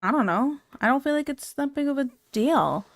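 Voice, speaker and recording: A woman's voice: high voice, animated, normal speed, no room sound, clean studio sound. A woman live streamer chatting casually with her viewers, blunt and candid, laughing often. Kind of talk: casual chat reacting to viewer comments.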